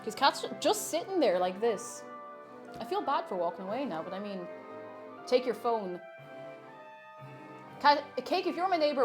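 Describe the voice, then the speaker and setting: A young woman talks casually and playfully to her stream from her kitchen, sometimes slipping into cooing baby talk. Her voice sits a little high and swings up and down a lot. Soft music plays faintly underneath. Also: big pitch swings, normal speed, pauses often. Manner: chatty and playful, coos in baby talk to a cat. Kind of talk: casual livestream chat while baking. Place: home kitchen.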